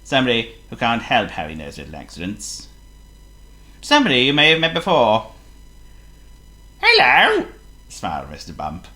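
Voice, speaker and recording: A man narrating a children's storybook in a lively, theatrical way. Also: fairly low pitch, fairly quick.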